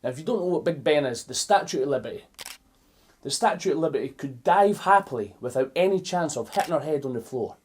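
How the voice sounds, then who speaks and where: Husky-voiced Scottish man reading a storybook. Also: fairly high pitch, quick pace. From Scotland. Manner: animated and playful, stopping to explain words to young listeners. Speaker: children's storyteller. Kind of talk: reading a picture book aloud to children.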